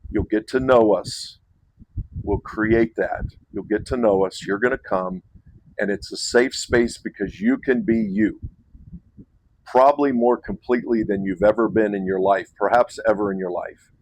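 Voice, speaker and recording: Man hosting a retreat, lowish voice, loose rambling talk with restarts. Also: steady tone, normal speed, darkish tone, slight background noise, low-quality recording. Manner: rambling, restarts and self-corrections, chuckles. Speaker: men's retreat host. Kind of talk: casual invitation to camera.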